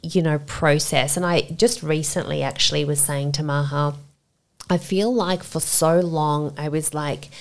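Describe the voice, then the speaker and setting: An Australian woman in her forties from Sydney, speaking as a podcast guest in a candid conversational interview. Her deep voice is unhurried and fairly even in intonation, and she's reflective and rambling, with many fillers.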